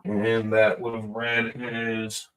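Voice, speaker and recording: With a mid-range, slightly bright voice that has vocal fry and little pitch movement, a Hebrew teacher casually covers grammar. He's slow and thinks aloud, using fillers and correcting himself. The room is echoey and he's far from the mic.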